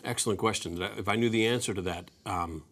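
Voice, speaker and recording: A man's voice: on the low side, fast, fairly bright tone. A man in his forties, a guest actor in an interview, easygoing with many restarts. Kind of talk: interview talk.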